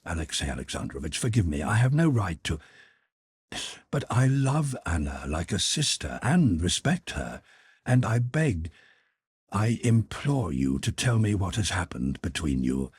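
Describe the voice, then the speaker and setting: A man voicing a distraught, devoted woman who pleads for her friend, his voice climbing high in distress. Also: sing-song, unhurried, husky, heavily acted. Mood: pleading.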